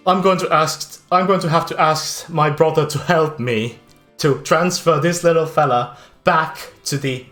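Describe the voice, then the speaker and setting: A game streamer with a Finnish accent, casually chatting with viewers, excitable and laughing often. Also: mid-range voice, a little slow, soft background music. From Finland. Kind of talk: casual livestream game commentary.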